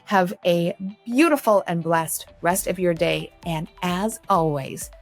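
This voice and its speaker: A woman's voice: fairly low pitch, slow, soft background music. Effusive fifty-something woman host. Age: 50s. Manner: effusive, enthusiastic and grateful; conversational with frequent restarts. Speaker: show host. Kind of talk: unscripted talk to camera.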